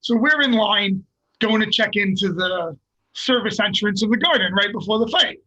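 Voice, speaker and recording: An older man tells a story with animated, profane energy. His voice sits high and bright, with a husky edge to it. He talks in loose, chatty bursts. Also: moderate pace, muffled recording. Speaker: guest fighter. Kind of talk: casual storytelling.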